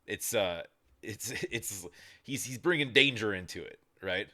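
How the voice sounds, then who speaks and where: Low-voiced man casually reacting. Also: measured pace. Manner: relaxed, thinking aloud with fillers. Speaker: reaction video host.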